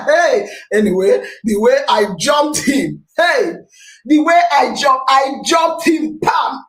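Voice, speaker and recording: Lively high-voiced Nigerian woman, roomy sound. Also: slow pace, raised voice. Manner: laughing, exclaiming, mixing pidgin into English. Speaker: podcast host. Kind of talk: animated storytelling and live chat. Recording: roomy echo.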